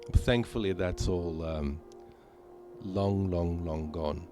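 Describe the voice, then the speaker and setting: A man's voice: deep voice, slow, music in the background. A man from Malta chatting casually with viewers while playing a game on a live stream, rambling with many fillers. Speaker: gaming streamer.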